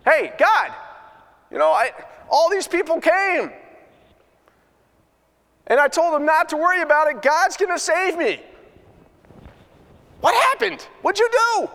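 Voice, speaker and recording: A man voicing a stubborn man in a flood who waits for God in a sermon story, calmly dismissive. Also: very high voice, a little slow, pauses often, big-room sound, heavily acted. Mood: bewildered. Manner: calmly dismissive, then pleading.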